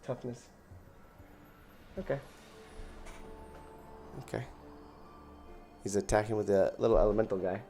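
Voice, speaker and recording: A man's voice: on the low side, measured pace, long pauses, dark tone, soft background music. A man giving casual gameplay commentary as host, thinking aloud and counting out his mana as he plays. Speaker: gaming channel host.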